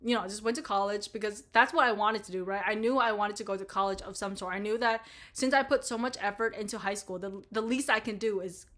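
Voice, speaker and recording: Young woman venting to the camera, swears a lot, rambly, says like constantly, voice not high not low. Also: fast talker, fairly bright tone. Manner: rambling, blunt and heavily profane; frequent "like" and "you know" fillers. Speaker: vlogger. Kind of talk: casual monologue to camera.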